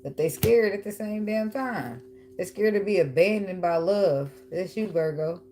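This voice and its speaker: Woman, low pitched, tarot reader, blunt, profane, teasing, faint background hiss. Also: moderate pace, mellow. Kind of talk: casual tarot reading.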